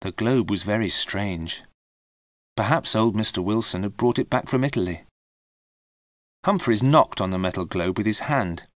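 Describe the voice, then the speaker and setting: Audiobook narrator, male, low register, measured learner-friendly reading, dry booth. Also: no echo. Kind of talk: scripted storybook narration.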